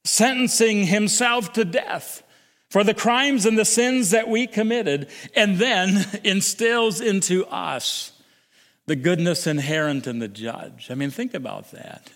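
A male pastor preaching a sermon, moving from hushed, low reflection to raised, emphatic calls and repeating phrases for effect. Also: slow pace. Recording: long hall reverb.

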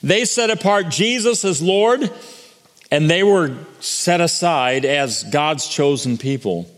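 Male pastor, higher voice, earnest sermon delivery with restarts, long hall reverb. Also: lively intonation, takes it slowly. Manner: earnest preaching with frequent restarts and repetitions.

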